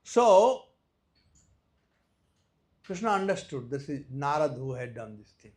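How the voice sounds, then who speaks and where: A man with an Indian accent giving a devotional lecture, telling a story with loud stresses and soft drops and nonstandard English grammar. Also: medium pitch, animated, fairly quick, soft background music. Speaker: visiting speaker at a temple.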